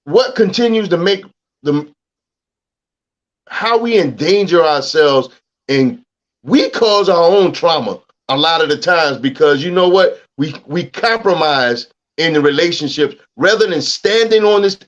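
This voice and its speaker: A man's voice: fairly high pitch, lively intonation, a little slow, fairly bright tone. A man co-hosting a podcast, speaking reflectively in casual discussion and searching for his words. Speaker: podcast co-host. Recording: dull lo-fi sound.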